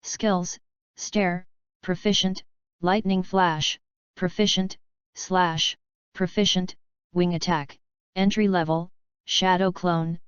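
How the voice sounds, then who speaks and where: A woman voicing a cold, game-like system that issues tasks and lists stats in a flat way. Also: lowish voice, slow pace, long pauses, clean tone, no room sound. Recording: dull lo-fi dry recording.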